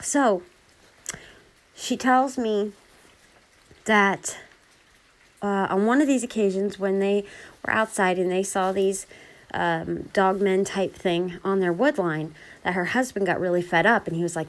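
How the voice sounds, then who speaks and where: A woman casually retelling a bizarre encounter in a chatty, animated way, full of quoted dialogue. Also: mid-range voice, a little slow. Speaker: storyteller.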